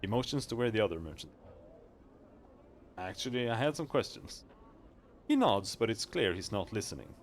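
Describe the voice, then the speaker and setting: Guy streaming, reading game text fast, lowish voice, trips over words sometimes. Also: big pitch swings, a little hiss or hum. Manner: quick reading with stumbles and restarts. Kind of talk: reading a video game aloud.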